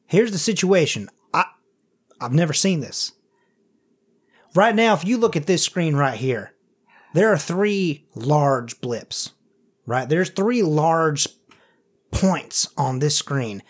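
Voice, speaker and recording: Gruff old southern doc guy, a man doing the voice, stern, bossy, kinda high for a tough guy. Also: full character voice. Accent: Southern US, put on. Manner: lecturing, impatient, swears mildly. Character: gruff older Southern male scientist, stern and blunt.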